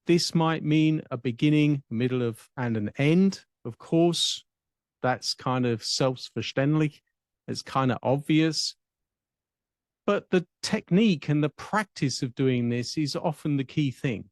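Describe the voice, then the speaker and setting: Measured English-accented male speech coach. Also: fairly high pitch, lively intonation, dry recording, clean studio sound. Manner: measured, deliberate, with long pauses. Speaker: speech and public speaking coach. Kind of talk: reflective teaching monologue.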